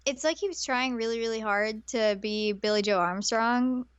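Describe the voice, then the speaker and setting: A woman co-hosting a casual podcast, throwing in quick teasing quips and laughing often. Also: fairly high pitch, smooth, no room sound, dull audio. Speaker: podcast co-host. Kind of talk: casual chat.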